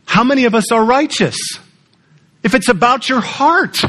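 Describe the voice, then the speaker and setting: A man's voice: extremely high pitch, expressive, moderate pace, fairly bright tone. A male pastor preaching a sermon in a conversational storytelling way, putting questions to the congregation.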